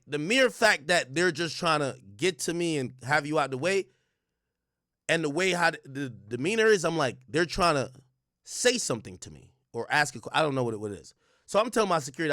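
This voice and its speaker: Young male streamer, animated storyteller who acts out quotes, curses freely, raised voice, close dry sound. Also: fairly high pitch, normal speed, long pauses, no echo. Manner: casual and profane, frequent restarts. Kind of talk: livestream storytelling to chat.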